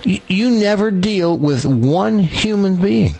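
A man hosting a radio talk show, bantering with co-hosts and reading a live ad in a chatty, animated way. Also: high-pitched, slow pace, vocal fry.

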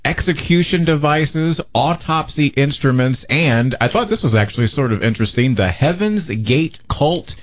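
Chatty male radio contributor, lively pitch. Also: moderate pace, few pauses. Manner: chatty, hesitant restarts. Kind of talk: casual on-air segment. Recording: muffled radio broadcast.

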